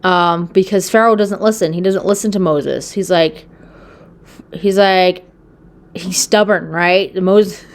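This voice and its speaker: A woman casually retells a Bible story for her video. She rambles and leans on fillers. She keeps checking in with her listeners. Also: on the low side. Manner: rambling, full of fillers and "okay?".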